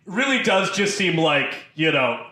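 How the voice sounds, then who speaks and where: A man co-hosting a film podcast, retelling movie scenes in casual, animated chat with frequent laughs. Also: on the high side, unhurried, echoey room. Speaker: podcast co-host.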